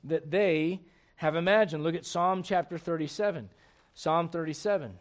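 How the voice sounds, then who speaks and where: A man preaching a sermon as pastor of a church, emphatic and swinging between loud bursts and low asides. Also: normal speed.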